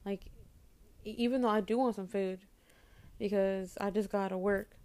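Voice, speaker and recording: A young woman venting to camera about her home life, halting and repeating herself as she holds back tears. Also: medium pitch, fairly even intonation, a little mellow. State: upset, holding back tears. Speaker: vlogger. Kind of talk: emotional personal vent to camera.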